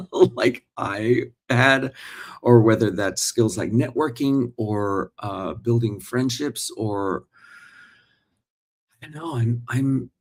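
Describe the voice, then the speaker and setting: Chatty middle-aged actor hosting a live stream. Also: male voice, medium pitch, slow pace. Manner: chatty, talks straight to viewers and reads their comments. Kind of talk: casual live-stream chat.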